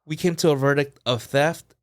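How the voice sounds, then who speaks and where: A man's voice: a little high, normal speed. A man co-hosting a podcast, casually retelling a story with lots of "like" and acted-out quotes. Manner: animated retelling, acts out quoted voices, fillers like "like". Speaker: podcast co-host.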